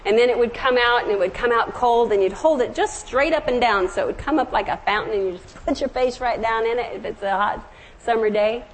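Soft-paced woman preaching with a faint hiss. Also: a little high, fairly quick, rough recording. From American South. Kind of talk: sermon with storytelling.

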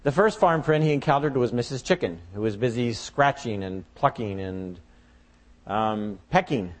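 Pastor guy telling a story in his sermon, lively storyteller delivery. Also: mid-range voice, normal speed. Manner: expressive, storytelling.

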